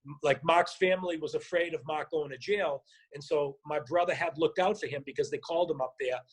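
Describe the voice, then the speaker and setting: A man with a thick Boston accent spins a story in casual chat. His voice is a little high and husky, and he keeps swearing and slipping into the voices of the people he quotes. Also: brisk. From South Boston. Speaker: actor and podcast guest.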